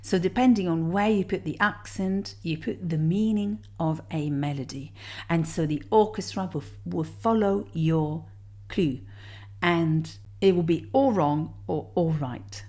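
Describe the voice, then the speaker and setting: A woman's voice: fairly low pitch, a little slow, a little mellow. A woman teaching music theory, patiently explaining exam answers step by step and counting beats aloud.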